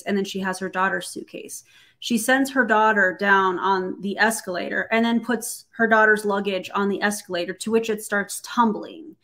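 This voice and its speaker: A woman hosting a live reaction stream, her voice sitting in a middle pitch. She comments with dry, incredulous sarcasm and retells what happened in a clip. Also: pushed and bright. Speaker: reaction show host.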